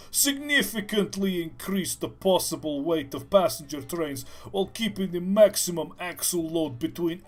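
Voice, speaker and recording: Give me a man playing a pompous Russian-accented train guide, rolling every R, slow and bright. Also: high voice, pitched above the performer's own voice, full character voice. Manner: rolled R's, grand lecturing delivery. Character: over-the-top Russian-accented male train tour guide.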